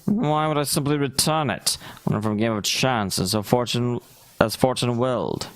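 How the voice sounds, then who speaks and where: A man voicing a scheming, smooth-talking villain lord in a video game, reading his lines slowly and haughtily. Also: medium pitch, fairly bright tone, lightly acted. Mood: haughty. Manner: slow, haughty, deliberate. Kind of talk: reading game dialogue in voices.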